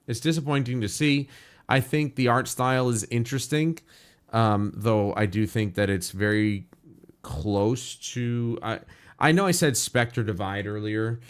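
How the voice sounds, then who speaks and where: A man's voice: mid-range voice, a little slow, clean tone. A man hosting a casual gaming livestream, reacting aloud in a rambling, frank and opinionated way. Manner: rambling, musing aloud, frequent restarts.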